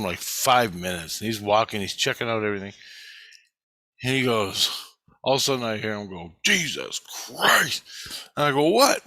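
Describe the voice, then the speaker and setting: A man with a mid-range, bright, forceful voice, recorded with no echo, casually tells a story about himself. He swears freely and acts out the quoted dialogue as he retells events.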